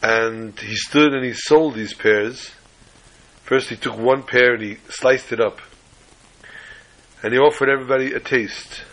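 A man teaching a class over a video call, telling a story slowly and adding corny jokes. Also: mid-range voice, steady tone, fairly bright tone, poor audio.

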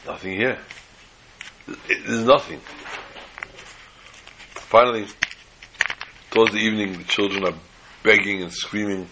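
A man telling a folk story in an animated way, slipping in Yiddish phrases. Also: fairly low pitch, unhurried, pauses often, background noise.

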